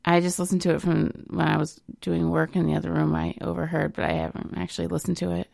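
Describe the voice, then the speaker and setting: A woman co-hosting a casual podcast about recovery, speaking in a measured way and gently scolding her partner, with many fillers. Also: fairly low pitch, level tone, gravelly, no echo, studio quality. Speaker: podcast co-host.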